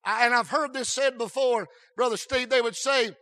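Male pastor mid-sermon: chanting, shouting delivery with stammered restarts, bright sharp tone. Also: very high-pitched, fairly even intonation, moderate pace. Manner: fiery, shouting, sing-song preaching cadence; frequent "uh" fillers and stammered restarts.

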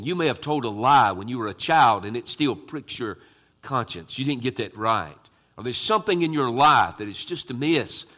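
A man's voice: mid-range voice, sharp tone. A man preaching a sermon to his congregation, emphatic and full of rhetorical questions. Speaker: pastor.

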